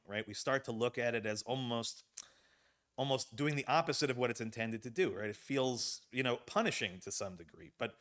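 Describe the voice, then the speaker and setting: A man teaching a text study as rabbi, speaking from the front of a synagogue sanctuary at a middle pitch. His delivery is conversational and explanatory, with frequent check-ins to the group and a relaxed, unhurried flow.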